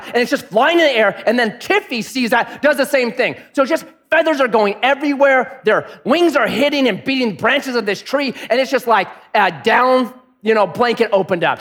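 A middle-aged man preaching a sermon, telling stories and swinging between punchy lines and hushed asides. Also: extremely high pitch. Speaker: pastor. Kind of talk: sermon with storytelling.

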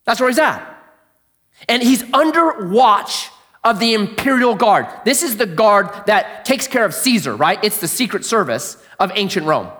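Lively, high-voiced male preacher. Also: normal speed. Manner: animated storyteller, asks the audience questions, drops to a hush for emphasis. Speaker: pastor. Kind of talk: sermon.

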